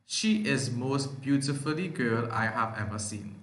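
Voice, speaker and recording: Trinidadian guy teaching grammar online, bright forceful voice, asks himself questions n answers them, echoey room. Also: medium pitch, animated, unhurried. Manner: explains step by step, asks and answers his own questions. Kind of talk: online language arts lesson.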